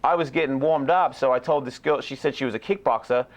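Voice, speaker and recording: A man's voice: mid-range voice, quick pace. A man telling a wild anecdote in a casual, profane way, often laughing as he goes.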